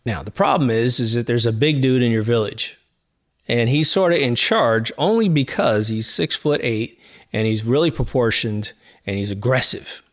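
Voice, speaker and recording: A man's voice: medium pitch, lively intonation, moderate pace. A middle-aged man hosting a podcast, talking in a rambling, conversational monologue full of asides. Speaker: podcast host. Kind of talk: casual monologue.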